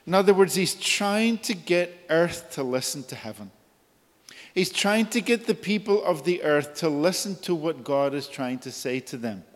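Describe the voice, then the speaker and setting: A man preaching a sermon in a church, earnest and deliberate, his voice rising in urgent questions as he voices the prophet's appeals. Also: expressive. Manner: slow, earnest, rises high and urgent when voicing God's appeals. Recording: long reverb of a hall.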